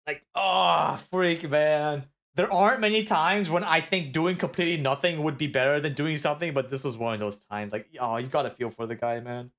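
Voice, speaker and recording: High-voiced excitable man rambling. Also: quick pace, few pauses. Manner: excitable, rambling with many filler words. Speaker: streamer reviewing esports matches. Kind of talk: casual game analysis.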